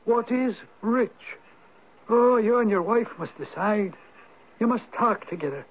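The husky old spirit of the rock. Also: male voice, high voice, lively intonation, a little slow, full character voice. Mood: wise, teasing. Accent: Irish. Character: mysterious old male spirit, a Viking turned Irish. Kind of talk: 1970s radio drama acting. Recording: narrow, tinny old radio broadcast.

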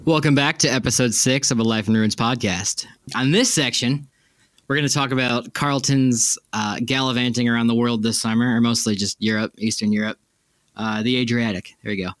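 A young man in casual talk on a podcast. He rambles good-naturedly and pokes fun at himself. His voice has an ordinary, middle pitch. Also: fairly even intonation, brisk, a bit bright. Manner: easygoing, rambling, self-deprecating. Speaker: podcast co-host.

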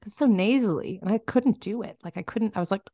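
A young adult woman with a Western New York accent, co-hosting a podcast in a playful, quick, laughing casual chat. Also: medium pitch, warm tone, dry recording, studio quality. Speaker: podcast co-host.

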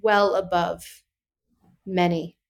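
She's a young woman talking openly on a podcast, animated and playful. She slips into quick put-on voices when she quotes herself or others, then drops back into her easy chat. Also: fairly low pitch, vocal fry. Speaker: podcast guest. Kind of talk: candid podcast conversation.

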